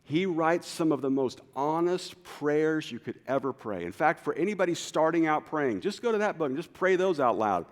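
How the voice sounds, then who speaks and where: A man preaching a sermon as pastor, swinging from loud, urgent lines to quiet, low ones. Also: animated, moderate pace, hardly any pauses. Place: church auditorium. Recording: long hall reverb.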